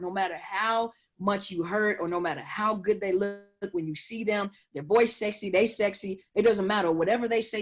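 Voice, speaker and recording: A woman counselor giving emphatic explanations in an interview, often repeating words as she builds her point. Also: medium pitch. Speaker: guest counselor. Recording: dull lo-fi audio.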